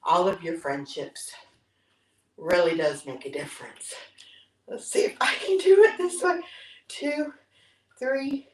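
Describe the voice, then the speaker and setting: Her pitch swoops wildly over a lowish voice as this fitness vlog host, in her 60s, counts reps between breaths on a live workout stream. She goes slowly with long pauses, breathless and upbeat, whooping along. It's recorded from a distance in an echoey room.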